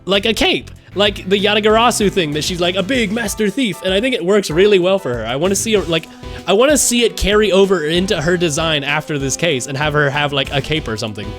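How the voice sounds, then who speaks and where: A young man streaming a game live, rambling and excitable with lots of fillers. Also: high voice, fast talker, faint music behind.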